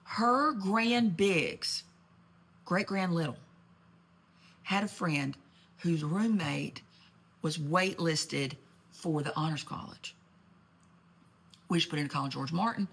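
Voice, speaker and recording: A woman tells a comic, gossipy story in a husky voice with plenty of fry. She rambles and throws in asides with genteel sass. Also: fairly low pitch, lively intonation, a little slow, long pauses, a bit bright. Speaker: comedic storyteller. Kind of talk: comedic monologue in character.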